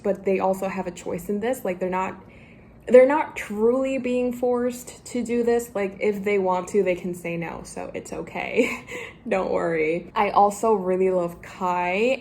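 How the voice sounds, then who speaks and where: A young woman book vlogger chatting casually to camera, gushing and excitable, often laughing. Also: medium pitch, slight background noise. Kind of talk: casual vlog chat to camera.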